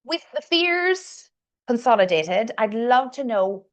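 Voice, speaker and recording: A woman's voice: fairly high pitch, very animated, slow. A middle-aged woman with a Northern Irish accent, leading a live communication coaching session in an encouraging way and repeating words for emphasis.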